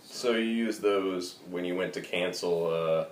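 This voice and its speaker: A man's voice: low-pitched, unhurried. A man co-hosting a podcast in casual chat, wry, teasing and profane. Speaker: podcast co-host. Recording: roomy phone recording with faint noise.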